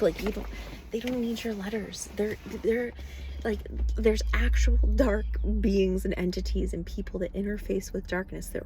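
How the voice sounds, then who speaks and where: A woman's voice: fairly low pitch, gravelly, dark tone, slight background noise. A woman vlogging a rambling, profane, casual spiritual monologue.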